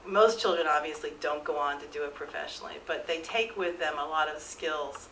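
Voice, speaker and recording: A woman reflecting in an interview in an earnest, measured way. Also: deep voice, a bit bright, reverberant, recorded from a distance, a little hiss or hum, low-quality recording. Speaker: interviewee, theatre supporter.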